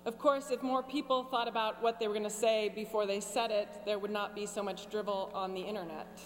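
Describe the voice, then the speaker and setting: A woman in her forties giving a commencement speech from a podium, with wry, sarcastic humor and deadpan asides. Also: medium pitch, brisk. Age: 40s. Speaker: commencement speaker. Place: large graduation ceremony venue. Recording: long hall reverb with faint hum.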